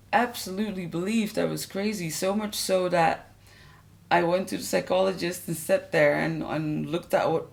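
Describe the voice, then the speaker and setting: A woman's voice: deep voice, vocal fry. A woman telling her own experience in an earnest, intense way. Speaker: interviewee sharing her experience. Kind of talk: personal testimony.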